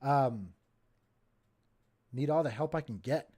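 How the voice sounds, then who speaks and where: A man hosting a casual crypto livestream, giving excitable, jokey market commentary straight to his viewers. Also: mid-range voice, slow pace, slightly rough.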